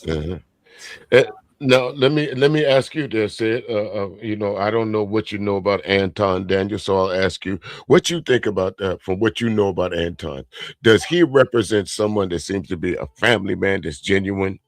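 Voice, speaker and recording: A man hosting a casual live stream chat show, talking in a laid-back, drawn-out way and chuckling often. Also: on the low side, dry recording.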